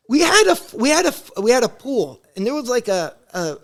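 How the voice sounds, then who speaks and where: Podcast guest, male, high voice, animated storyteller who voices everyone in his anecdotes. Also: normal speed, few pauses. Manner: animated, acts out quoted dialogue; rambling with many restarts. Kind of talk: casual storytelling.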